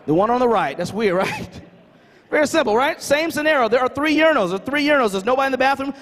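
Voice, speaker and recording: A man giving a comedic storytelling keynote at a conference, animated and always checking in with the crowd. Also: very high-pitched, quick pace. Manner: animated, asks the crowd questions, fond of "right?". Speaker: conference speaker. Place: conference hall stage. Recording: reverberant conference hall.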